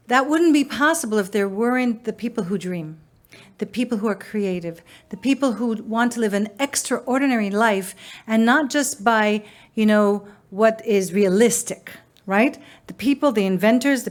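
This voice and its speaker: A woman singer on a talk show, explaining her thoughts in a reflective way and often asking "right?". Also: medium pitch. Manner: reflective, uses rhetorical "right?". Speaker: singer and co-host. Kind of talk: casual talk show chat.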